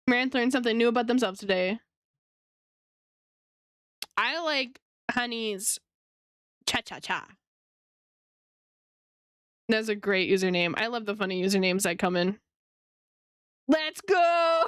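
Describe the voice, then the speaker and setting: A woman's voice: on the high side, expressive, a little slow, long pauses, clear, resonant tone, no echo, clean studio sound. A woman streamer chatting casually with her chat while she draws, playful and teasing, laughing often.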